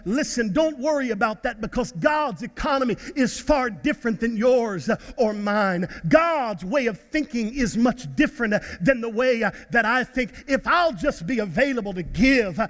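A male pastor preaching a sermon in a church, stumbling over fillers and repeats, then rising to shouts. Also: extremely high pitch, expressive, normal speed, hardly any pauses, long reverb tail. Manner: repetitive, many fillers, bursts to shouts. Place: church sanctuary.

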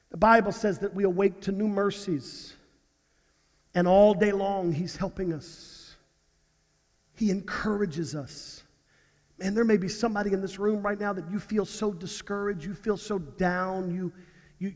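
A male pastor preaching a sermon, with dramatic swings down to near-whispers and stammering restarts. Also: high-pitched. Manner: dramatic dynamics, dropping to hushed near-whispers. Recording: reverberant hall.

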